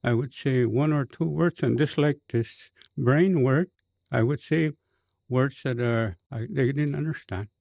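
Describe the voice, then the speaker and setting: A man with a Cree accent, a bishop telling a personal story in a slow, halting way with many fillers and restarts. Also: medium pitch, creaky, darkish tone, dry recording. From Canada.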